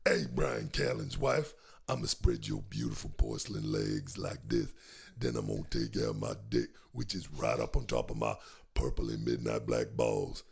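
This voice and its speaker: A man voicing a crude, smooth-talking seducer in a slow, drawling comedy bit. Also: extremely low pitch, very animated, darkish tone, heavily acted. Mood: leering. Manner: slow, drawling, exaggerated come-ons.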